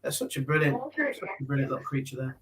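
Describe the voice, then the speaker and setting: A man's voice: medium pitch, very animated, quick pace, crowd noise, poor audio. A man co-hosting a casual livestream chat, teasing and bantering with the others. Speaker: co-host of a fishkeeping livestream.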